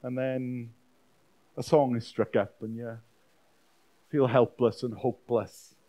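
A man preaching a sermon as a pastor, swinging from loud dramatic outbursts to quiet, intimate lines. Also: medium pitch, flat delivery, takes it slowly. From Wales. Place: church weekend-away gathering.

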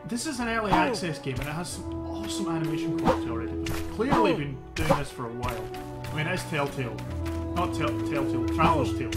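Lively excitable man gaming. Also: fairly high pitch, fast talker. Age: 30s. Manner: excitable, playful, swears freely. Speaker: let's play host. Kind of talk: gameplay commentary. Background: loud game music.

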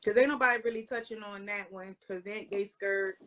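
A woman's voice: medium pitch, fairly even intonation, brisk, pushed and bright. A young woman from Baltimore with a Baltimore accent, chatting brashly and cursing freely as a guest on a livestream. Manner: brash, profane, laughing. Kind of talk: casual chat on a livestream.

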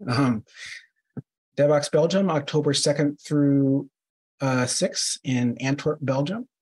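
A man co-hosting a casual podcast chat, with a loose, halting delivery and repeated words. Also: a little high, darkish tone. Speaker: podcast co-host.

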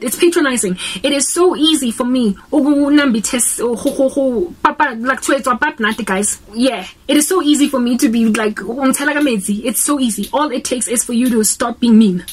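Husky South African woman preaching casually. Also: high-pitched, fairly quick, hardly any pauses. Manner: earnest, switches between English and Sesotho mid-sentence. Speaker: Christian vlogger.

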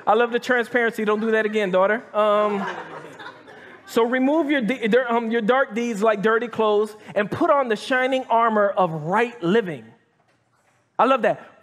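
A man with a high, light voice preaches to a live congregation in easy, conversational speech. He breaks into scripture readings, then stops to comment, often restarting his sentences and tossing in "right?" to the room. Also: fairly bright tone. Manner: reads scripture aloud and comments between verses. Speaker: pastor. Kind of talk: sermon. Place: church hall with live audience.

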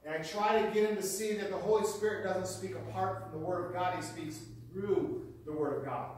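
A man preaches a sermon with an earnest, emphatic teaching manner, driving key phrases home by repeating them. His voice sits fairly high. He is heard from a distance in a large, very echoey church hall. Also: a little fast, a little hiss or hum. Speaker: pastor. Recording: very echoey hall, mic far off.

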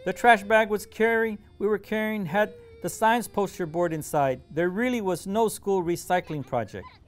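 A man's voice: high voice, sing-song, fairly quick, slight background noise, pitched above the performer's own voice. A man voicing Lupe, a twelve-year-old boy who has lied and now pleads for forgiveness in an earnest storybook reading. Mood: remorseful.

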